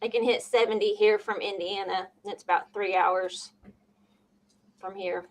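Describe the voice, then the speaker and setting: A woman from Illinois co-hosting a casual live chat, laughing easily. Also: mid-range voice. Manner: laughs easily, drawn-out relaxed delivery.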